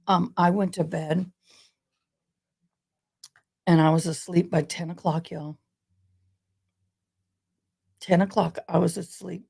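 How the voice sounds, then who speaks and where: A woman's voice: on the low side, steady tone, slow, gravelly, pauses often, a little mellow, breathy edge. A woman vlogger talking casually to her viewers about a trial, in a rambling, conversational way. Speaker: true crime vlogger.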